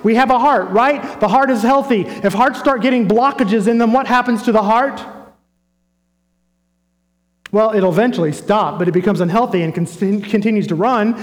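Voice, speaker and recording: A male pastor delivers an emphatic sermon in a high, light voice. He builds his points through repetition and rhetorical questions aimed at the congregation. A long reverb trails each phrase as it carries through a large church sanctuary. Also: moderate pace.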